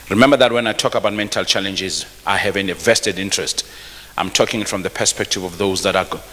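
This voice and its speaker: A man's voice: low-pitched, bright, forceful tone, big-room sound, slight background noise. A pastor preaching a sermon. He reads scripture aloud, stops to explain it, and often repeats and restarts his phrases. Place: church hall.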